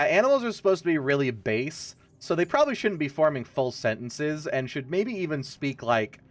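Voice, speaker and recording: A man streaming a video game, giving casual, rambling, jokey and self-mocking commentary as he plays. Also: medium pitch. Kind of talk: casual let's-play commentary.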